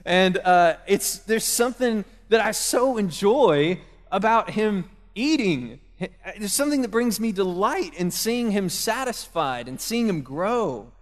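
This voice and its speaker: A young male pastor with a high, expressive voice preaches a little slowly, his words carrying the long reverb of a hall. His sermon is casual and conversational, full of stories from home and asides aimed directly at parents.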